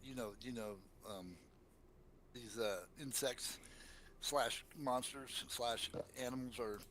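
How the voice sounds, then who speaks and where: A man narrates a tabletop game as game master, casual and halting, with many fillers. His voice is bright and forceful, over a faint hiss of background noise. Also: mid-range voice.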